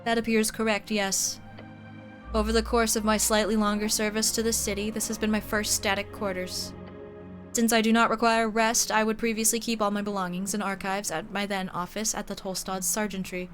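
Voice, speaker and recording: A woman reads a detached, otherworldly angel from a fantasy game. The delivery is stiff and formal, held to a flat monotone with almost no pitch movement. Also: normal speed, faint music behind, close to an everyday voice. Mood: cold formal. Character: cold monotone female angel, creature of light. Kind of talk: reading game dialogue aloud.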